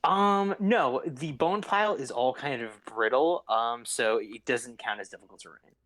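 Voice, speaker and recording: A man narrating as game master over voice chat, casual and halting, with many fillers and restarts. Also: medium pitch, a bit bright.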